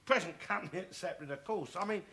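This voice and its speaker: An actor playing a bigoted, loudmouthed older football fan, blustering and shouting in a studio sitcom. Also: male voice, high-pitched, fairly quick, vocal fry, full character voice. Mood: ranting. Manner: blustering, shouting, self-satisfied ranting. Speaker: sitcom character.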